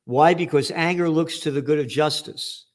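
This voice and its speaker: A man's voice: a little high, normal speed. An older man hosting a news commentary, ranting angrily and profanely, with sarcastic emphasis as he reads out headlines.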